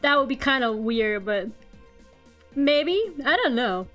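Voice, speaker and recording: A woman's voice: high voice, sing-song, takes it slowly, a bit bright, faint music behind. A young woman streaming as a VTuber while she draws, chatting casually with viewers, giggling often and swearing now and then, her throat a little sore from a cold. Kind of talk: casual live-stream chat while drawing.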